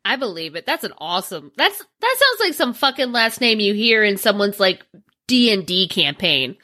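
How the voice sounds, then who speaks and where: A woman's voice: mid-range voice, sing-song, moderate pace, bright, forceful tone. A woman co-hosting a podcast, chatting casually in a bawdy, playful way and breaking into song now and then. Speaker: podcast co-host. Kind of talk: casual chat.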